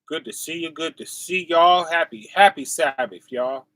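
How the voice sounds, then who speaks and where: High-voiced, bright preacher man, slow talk. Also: no room sound. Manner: preachy, animated, calls out to viewers, laughs often. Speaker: preacher and livestream host. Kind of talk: casual livestream sermon.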